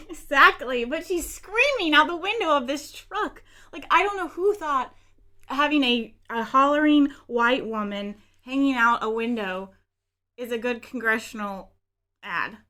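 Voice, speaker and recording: A woman co-hosts a casual political podcast from Georgia and teases her partner with sarcasm. Her voice is bright and forward. It sits a little higher than most. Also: lively intonation, a little slow. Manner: teasing, sarcastic. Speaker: podcast co-host.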